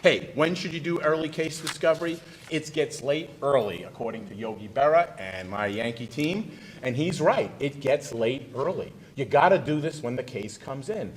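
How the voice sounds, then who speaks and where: Middle-aged trial lawyer guy giving a seminar talk, folksy, very animated pitch, talks right at the crowd. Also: normal speed, a little hiss or hum, poor audio. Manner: folksy, punchy, talks straight to the audience. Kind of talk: conference presentation.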